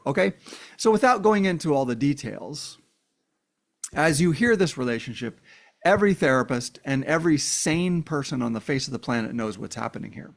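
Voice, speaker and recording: A man's voice: mid-range voice, expressive, moderate pace. A man talking casually and bluntly, filling his speech with "like" and swearing now and then while acting out heated quoted lines. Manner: acts out quoted voices of an angry abuser and a victim in heated tones; blunt, swears, many "like" fillers. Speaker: commentator. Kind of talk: casual spoken commentary.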